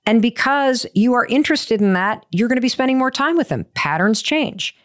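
A woman's voice: fairly high pitch, animated, moderate pace. A woman giving motivational advice, telling a self-deprecating personal story with emphatic repetition. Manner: emphatic, repeats key points.

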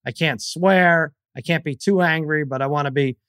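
A man's voice: normal speed, smooth, dry recording, studio quality. A middle-aged man co-hosting a podcast, telling stories in casual chat and acting out other people in raised voices. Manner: animated storyteller, mimics others in high voices. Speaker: podcast co-host.

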